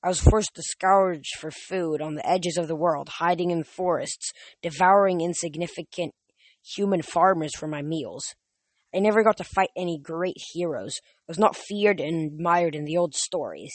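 A reader voicing a gloating villainous male monster with a French accent, slow and sneering, in a dry recording. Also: a little high, no echo, close to an everyday voice.

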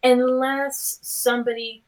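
A woman's voice: high-pitched, little pitch movement, slow. A middle-aged woman co-hosting a podcast, chatting casually in a rambling, self-mocking way with plenty of fillers. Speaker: podcast co-host. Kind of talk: casual chat.

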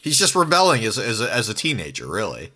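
Low-voiced bright guy cracking jokes in laid-back podcast banter. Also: huge pitch swings, fast, breathy edge. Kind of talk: casual chat.

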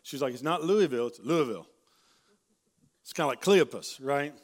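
A man preaching a sermon in a casual, conversational way, often tagging "right?" onto his points and restarting sentences, a little hoarse and clearing his throat. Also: medium pitch, fast. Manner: conversational, keeps asking "right?", with many restarts. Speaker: pastor. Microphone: handheld or stage mic.

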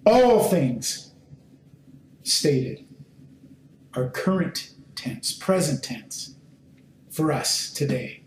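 A man teaching a sermon and reading scripture aloud, speaking in short, deliberate phrases and pressing his listeners with emphatic questions. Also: a little high, very animated. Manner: slow, deliberate phrasing in short measured fragments. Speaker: Bible teacher. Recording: roomy echo.

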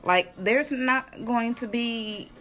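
Woman cohost just talking, slangy and lively, cusses a bunch. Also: on the high side, slow pace. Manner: animated, profane, talks in a slangy, chatty way. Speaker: co-host. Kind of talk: casual podcast chat.

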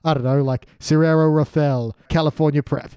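A man's voice: on the high side, fairly even intonation, normal speed, warm tone, clean tone, no room sound, clean studio sound. A man co-hosting a casual podcast about a TV episode, joking and acting out quotes. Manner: jokey, acts out quotes in funny voices. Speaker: podcast co-host. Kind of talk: casual chat reviewing a TV episode.

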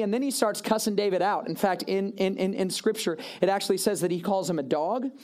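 A young man giving a casual, animated sermon to a youth group, with self-deprecating asides. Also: high voice, brisk, hardly any pauses. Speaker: youth pastor. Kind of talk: animated sermon retelling a story.

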